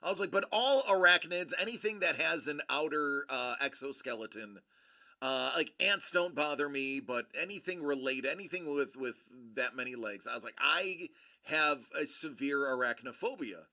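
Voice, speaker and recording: Bright, rambling man telling stories. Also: a little high, expressive, moderate pace. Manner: rambling, jokey storyteller with many restarts. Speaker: collectibles show host. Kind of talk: casual chat.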